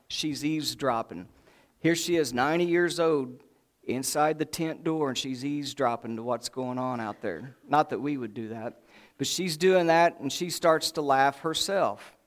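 A male preacher delivering a sermon in a folksy, animated way. He breaks off into joking asides to the congregation. His voice sits a little high for a man.

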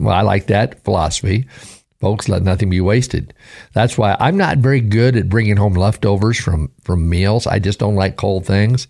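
A man's voice: fairly low pitch, expressive, normal speed, creaky, a little mellow. An older man, a pastor hosting a devotional radio show, talking in an earnest, emotional preaching way with folksy asides.

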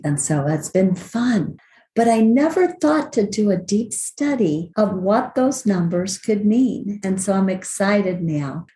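An older woman with a low, mellow voice gives an earnest, reflective devotional teaching. She is recorded in a roomy space with a faint hiss behind her. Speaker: podcast host, Bible teacher. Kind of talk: devotional podcast talk. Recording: roomy with faint background noise.

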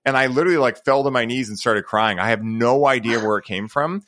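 A man's voice: mid-range voice, a little fast, a bit bright, no echo. A man hosting a podcast, telling stories in a rambling, casual way and leaning on filler words. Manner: rambling, heavy use of "like" and "right?". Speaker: podcast host.

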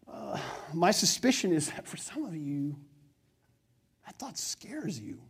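A male pastor passionately preaches to his church, moving between loud, urgent stretches and hushed moments. His voice is on the high side, sing-song and slightly rough, and he speaks slowly.

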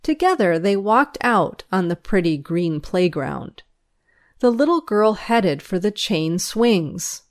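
A woman reading a school paper aloud, its news and its stories, in a measured, expressive storytelling way. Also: mid-range voice. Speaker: reader.

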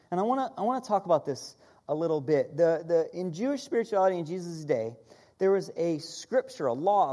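Lively woman preaching a sermon. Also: deep voice. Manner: animated teaching, leads the audience in call-and-repeat.

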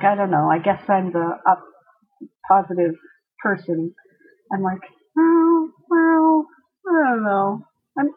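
A woman telling a personal story to a listener, animated and acting out the voices of the people she quotes. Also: mid-range voice, breathy edge, phone-quality sound.

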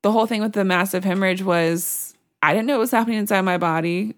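A woman's voice: medium pitch, fast talker. A young woman co-hosting a podcast, telling a personal story in a rambling, chatty way with frequent laughter. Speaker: podcast co-host. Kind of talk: casual storytelling.

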